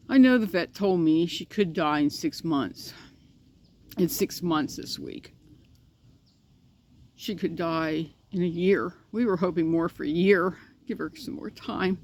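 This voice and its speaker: A woman talking casually to the camera beside her dog's pen, tearful and grieving, speaking haltingly with many pauses and restarts. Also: medium pitch, a little mellow, slight background noise. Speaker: pet owner vlogger. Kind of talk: casual personal vlog.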